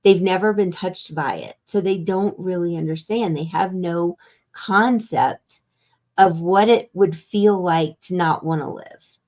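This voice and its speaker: Woman hosting over a video call, slightly low voice, earnest and thoughtful. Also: a little slow, darkish tone. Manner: earnest and reflective. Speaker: host, foundation founder. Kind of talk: interview talk about a mission.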